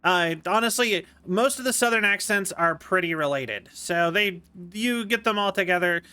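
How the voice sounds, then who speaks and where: A man's voice: high-pitched, moderate pace, bright, forceful tone, smooth. A man with a General American accent, chatting casually and rambling on a live stream from home. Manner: rambling, chatty, full of fillers and restarts. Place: home, indoors.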